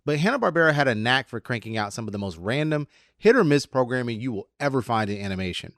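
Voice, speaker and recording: A man's voice: medium pitch, animated, fast talker, a bit bright, no room sound, clean studio sound. A man in his thirties hosting a commentary video, casual and a bit sardonic, slipping into a radio voice when reading his script. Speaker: host.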